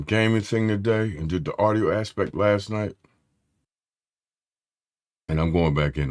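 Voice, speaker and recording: A man hosting a casual tech live stream, loose and slangy, greeting his chat by name. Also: sits low. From Philadelphia area.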